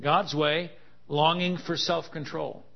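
A man's voice: a little high, fairly even intonation, takes it slowly, vocal fry. A man preaching a sermon, with joking, laughing asides and emphatic contrasts that build in intensity. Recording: dull lo-fi sound.

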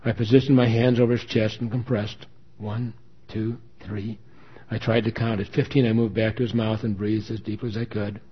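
A man's voice: lowish voice, flat delivery, moderate pace, slightly rough. A man reading a dramatic first-person story with earnest emotion. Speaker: story reader. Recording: dull lo-fi recording.

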